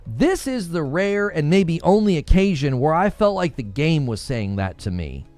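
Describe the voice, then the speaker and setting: A man's voice: a little high, big pitch swings, normal speed, darkish tone, no room sound. A man streaming live, chatting with viewers and laughing often as he acts out mock dialogue. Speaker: gaming streamer.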